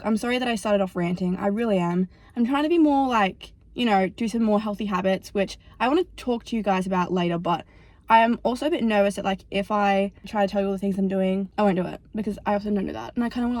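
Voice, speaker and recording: A woman's voice: mid-range voice, a little mellow, no echo. A young woman talks casually to camera in a vlog, rambling along with lots of "like" fillers. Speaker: vlogger.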